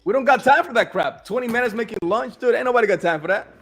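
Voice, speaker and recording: Blunt, emphatic male co-host, high voice, light music bed. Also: lively intonation, fast, fairly bright tone, breathy edge. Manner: blunt, emphatic, repeats "all right?" and "dude". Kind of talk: casual business chat.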